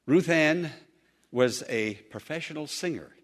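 A male preacher telling a story in a sermon, earnest and emphatic, drawing out key phrases slowly. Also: fairly high pitch, expressive.

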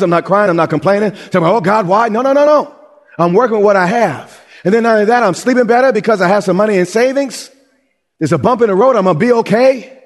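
A middle-aged pastor preaches a sermon in an animated, conversational way, frequently restarting his sentences. His voice is high-pitched and sounds like it's in a large hall.

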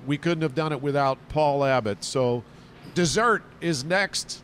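An upbeat man hosts a podcast from inside a grocery store, thanking his guests and plugging products. His voice sits slightly high, with faint store noise behind. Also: animated, moderate pace, fairly bright tone. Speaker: podcast host. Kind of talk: casual podcast hosting.

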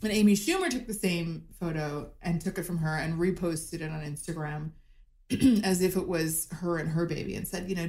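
A woman guest on a comedy podcast, talking over a video call with an animated, chatty storytelling manner full of fillers. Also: on the low side, normal speed, echoey room.

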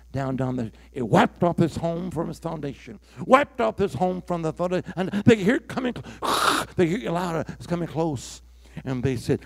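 A man in his sixties, a traveling evangelist preaching a revival sermon, who swings from hushed storytelling to shouted call-and-response and leads the crowd in chants. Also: medium pitch, vocal fry, dry recording.

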